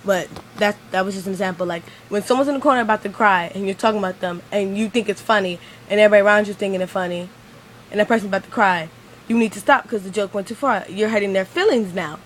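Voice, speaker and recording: A woman's voice: mid-range voice, quick pace, a little hiss or hum, poor audio. A woman venting in a rambling vlog monologue, filling her talk with "like" as she retells an argument. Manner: rambling, venting, heavy use of "like". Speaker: vlogger.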